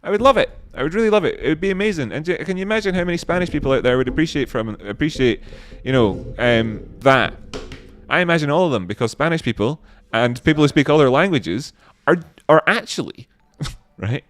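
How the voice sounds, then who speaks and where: A man's voice: fairly high pitch, expressive, fast, no room sound. A man hosting a livestream, chatting casually in a rambling, joking way and reading out viewer comments. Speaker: livestream host.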